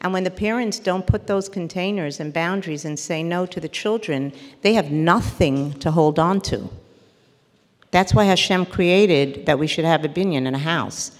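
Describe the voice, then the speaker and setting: A woman therapist giving a parenting lecture to a live audience, animated and acting out little scenes as she teaches. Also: lowish voice, moderate pace, in a large hall. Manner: animated, acts out little scenes with quoted voices.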